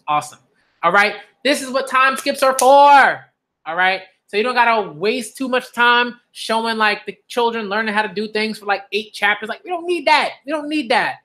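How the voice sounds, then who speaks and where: A man doing a live manga reading reaction, excitable and slangy, often repeating himself as he reacts. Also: high voice, normal speed. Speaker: manga reviewer.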